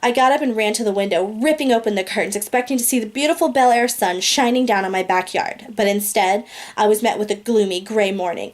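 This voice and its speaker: Amused young woman reading a comic novel. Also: fairly high pitch. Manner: amused, giggles often, drawling profanity. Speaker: audiobook reader.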